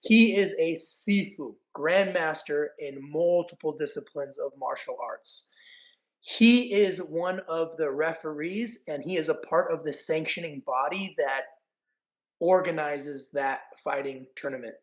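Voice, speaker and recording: Animated higher-voiced man telling stories. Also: a little slow, poor audio. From California. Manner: animated, acts out quotes and announcer calls. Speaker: podcast guest, actor and event announcer. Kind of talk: casual storytelling.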